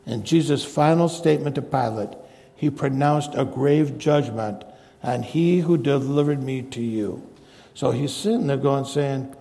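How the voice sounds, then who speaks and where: A man's voice: mid-range voice, gravelly, warm tone, big-room sound. A man preaching a sermon, walking through a Bible passage verse by verse and paraphrasing the dialogue in his own words. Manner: expository Bible teaching, paraphrasing scripture.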